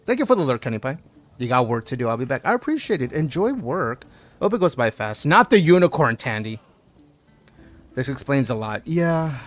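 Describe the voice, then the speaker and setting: A man streaming a game, telling a story to chat in an animated way and laughing often. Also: mid-range voice. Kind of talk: casual chat while gaming.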